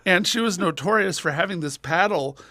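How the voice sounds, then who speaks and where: Animated storytelling man, dry studio. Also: brisk, no echo. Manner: animated, acts out his characters in high voices. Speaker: comedian guest. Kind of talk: storytelling on a talk radio show.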